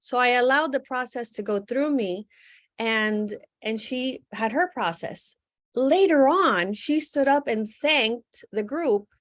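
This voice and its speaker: A woman speaking as a panelist in a webcast conversation, thoughtful and measured, often posing questions. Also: on the high side, dry recording. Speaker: guest panelist.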